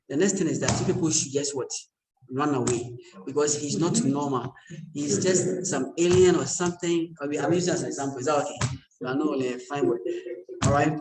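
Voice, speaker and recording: A man's voice: fairly high pitch, a little mellow, slight background noise. A man giving a university lecture in a classroom, conversational and joking, checking in with his students again and again. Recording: echoey lecture room.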